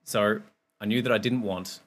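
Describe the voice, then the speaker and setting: A man's voice: fairly low pitch, steady tone, moderate pace. A man hosting a podcast, talking candidly and rambling in a casual monologue, swearing freely. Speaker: podcast host and personal trainer. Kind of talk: casual monologue, also streamed live.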